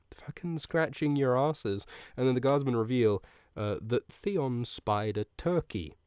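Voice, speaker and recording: A man with a fairly low voice hosts a casual comedy podcast, recapping a book. He rambles, swears freely and laughs mid-sentence. The sound is close and dry, with no room echo. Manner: rambling, profane, jokey asides. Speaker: podcast host.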